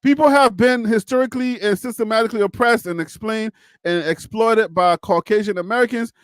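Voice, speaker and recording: High-voiced African man hosting a lively panel. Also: brisk, dry recording. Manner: animated, laughs often, cuts in. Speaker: host. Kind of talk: casual panel chat.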